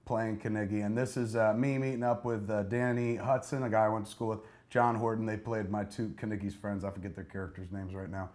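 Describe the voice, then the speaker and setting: A man's voice: on the low side, little pitch movement, brisk, hardly any pauses, a little mellow. A man in his forties hosting, wryly and self-mockingly commenting on old footage. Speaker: host.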